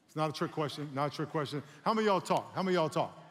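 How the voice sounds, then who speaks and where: A man preaching a sermon as pastor, animated and calling on the congregation to respond. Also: a little high, racing, in a large hall.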